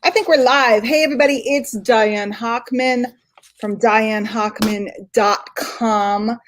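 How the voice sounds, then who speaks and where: A woman hosting a casual live stream. She chats and thinks out loud, with lots of ums. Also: a little high, steady tone, takes it slowly. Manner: chatty, thinks aloud with many fillers. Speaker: host.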